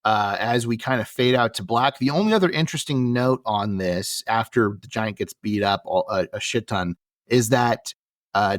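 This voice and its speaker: A man's voice: lowish voice, no room sound. A man co-hosting a casual podcast, recapping events with dry, wry sarcasm. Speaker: podcast co-host.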